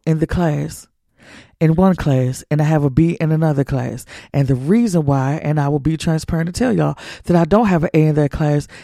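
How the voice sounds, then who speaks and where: Guy preaching to his listeners, repeats himself, mellow tone, no room echo. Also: fairly high pitch, gravelly, clean studio sound. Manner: exhorting, repetitive, folksy Southern-church phrasing. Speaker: podcast host. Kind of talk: preachy motivational talk.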